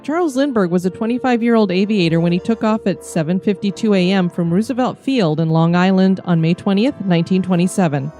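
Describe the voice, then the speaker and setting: A woman co-hosting a podcast, giving a steady, informative scripted history narration. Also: medium pitch, fairly quick, few pauses, soft background music. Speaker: podcast co-host.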